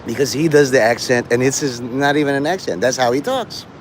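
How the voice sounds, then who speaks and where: A man's voice: medium pitch, fairly quick, slight background noise, low-quality recording. Rambling, profane male livestreamer. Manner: rambling, profane, jumps between topics. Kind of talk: rambling live-stream monologue.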